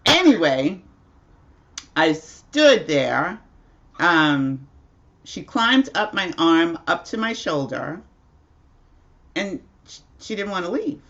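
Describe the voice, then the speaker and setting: A woman's voice: medium pitch, fairly bright tone, dull audio. A woman hosting a casual livestream at home, telling a rambling story with frequent laughs. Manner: chatty, rambling, laughs often. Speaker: livestream host.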